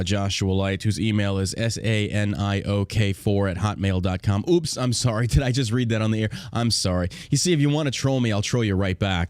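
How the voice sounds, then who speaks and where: A man's voice: fairly low pitch, darkish tone, dry recording, clean studio sound. An American man hosting a podcast, talking in a casual, profane and combative way, often laughing. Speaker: podcast host.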